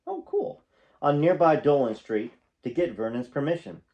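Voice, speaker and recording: Male host, mid-pitched voice, reads from a book and breaks off into chatty commentary. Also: lively intonation, normal speed, dark tone, muffled recording. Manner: breaks off to comment, folksy and conversational. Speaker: channel host reading a book aloud. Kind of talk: reading aloud with casual asides.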